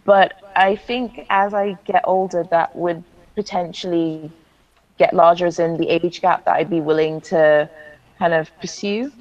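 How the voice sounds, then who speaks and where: A woman's voice: on the low side, steady tone, measured pace, darkish tone. A young woman from the UK asking a question in a group call, polite and a little hesitant. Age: young adult. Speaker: caller. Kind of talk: casual group discussion. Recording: dull lo-fi call audio.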